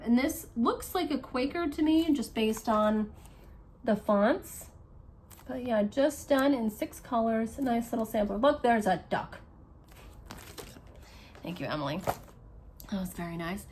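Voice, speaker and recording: Lady vlogging about stitching, bit high pitched, chatty and excited, laughs a lot. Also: a little hiss or hum. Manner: chatty, enthusiastic, laughs often. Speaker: Flosstube host. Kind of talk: casual storytelling vlog.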